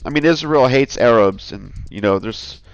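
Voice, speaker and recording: A man's voice: mid-range voice, lively intonation, moderate pace, gravelly, clean tone, no echo, highs cut off. A man hosting a casual commentary vlog, talking in a rambling, earnest way and often calling his viewers "guys.". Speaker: channel host.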